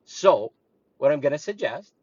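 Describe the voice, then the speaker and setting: Man, fairly high voice, earnest spiritual talk, emphatic coaching, dry dull lo-fi sound. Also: very animated, normal speed, slightly rough, dry recording. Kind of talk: reflective spiritual monologue.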